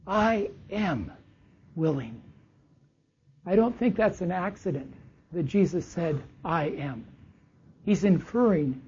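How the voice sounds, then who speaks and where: A preacher delivers a sermon at an unhurried pace, stretching out key words for weight. The voice is mellow and dark with a heavy breathy rasp. It comes through a dull, lo-fi recording. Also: medium pitch. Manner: slow, deliberate Bible teaching, lingering on key words.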